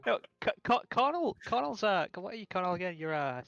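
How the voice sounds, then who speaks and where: Quick-talking dnd player guy, kinda high voice, muffled audio. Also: sing-song, gravelly, a bit bright. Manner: quick, joking.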